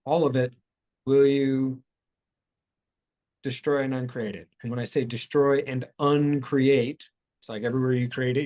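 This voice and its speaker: A man hosting a talk show, explaining ideas in a rambling, self-correcting way. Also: mid-range voice. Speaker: show host. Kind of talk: casual talk show chat.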